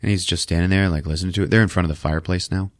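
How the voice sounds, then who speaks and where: A man hosting a podcast, recapping a film in a casual, profane, animated storytelling manner. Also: sits low, rapid-fire, no echo, clean studio sound. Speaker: podcast host.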